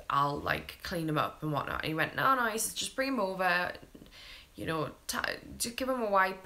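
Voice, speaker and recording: A woman's voice: sits low, sharp tone. A British mother, tired, telling her baby's story to camera in a blunt, candid way and swearing freely. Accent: British English.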